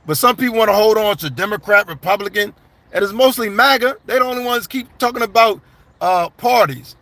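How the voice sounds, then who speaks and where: A man's voice: high voice, a little fast, sharp tone, dry recording. A man doing casual live-stream commentary, reading viewer comments aloud and answering them bluntly. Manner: blunt, conversational, addresses viewers as y'all and man. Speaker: livestream commentator.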